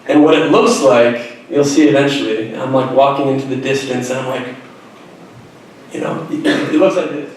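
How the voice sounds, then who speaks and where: A man's voice: mid-range voice, fairly even intonation, moderate pace, recorded from a distance, noisy background. Man speaking in a very echoey hall. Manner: earnest, reflective, self-deprecating humor. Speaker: author giving a school talk. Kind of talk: personal storytelling speech. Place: school auditorium.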